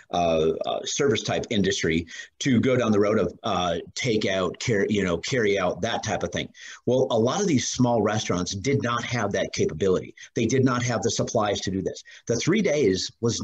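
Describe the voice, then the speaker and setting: A man talking in a casual class discussion as a student, hesitant, with many fillers and frequent throat-clearing. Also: fairly low pitch, slight background noise.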